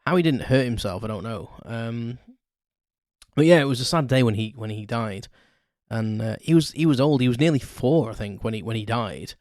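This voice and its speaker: In a casual solo episode, a male podcast host tells rambling, self-correcting childhood stories punctuated by chuckles. His mid-range voice is a little mellow, with lively intonation at a moderate pace, in a dry studio-quality recording.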